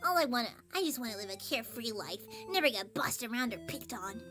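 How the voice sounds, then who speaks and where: A sulky little demon underling drawls with a faint demonic edge, as a woman puts it on. The voice is bright and high, swooping all over. Game music plays softly underneath. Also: lively intonation, fast. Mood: bored, grumbling. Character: lazy bored demon underling, small, sulky.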